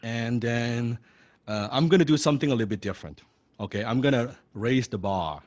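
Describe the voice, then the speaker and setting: A sales coach talking on a video call, chatty and self-correcting as he explains his method. His voice is of middle pitch and sounds dry. The call audio is a little muffled. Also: a little fast, no room sound. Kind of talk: sales training role-play.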